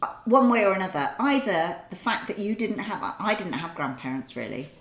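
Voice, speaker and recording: An older woman co-hosting a podcast, chatting in a lively, thoughtful way with pauses. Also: mid-range voice, roomy sound, poor audio. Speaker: podcast co-host. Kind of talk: casual chat. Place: kitchen.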